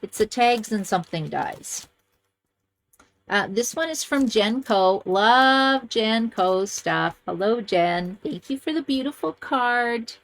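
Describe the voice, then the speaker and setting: A woman hosting a card-making video, chatting casually and gushing as she shows cards to the camera. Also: slow pace. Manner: gushing, chatty, lively swings in pitch.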